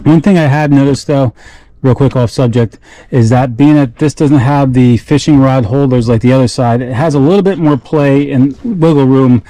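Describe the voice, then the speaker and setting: A man's voice: mid-range voice, normal speed, mellow, no echo, poor audio. Winded man talking through a gear install. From South Carolina. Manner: rambling, self-correcting, talks while working with his hands. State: out of breath. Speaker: outdoor gear vlogger. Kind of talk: casual how-to vlog.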